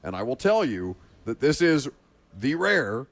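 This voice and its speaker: A man's voice: medium pitch, sing-song, measured pace, creaky, dry recording. A man hosting a sports talk radio show, teasing his co-hosts in casual banter. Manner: teasing, mock-exasperated with co-hosts.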